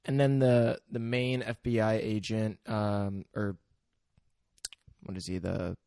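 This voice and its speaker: Brief: relaxed male podcast co-host, rambling, low and gravelly, dry close mic. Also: slow pace, no echo. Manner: laid-back, rambling with fillers. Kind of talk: casual chat.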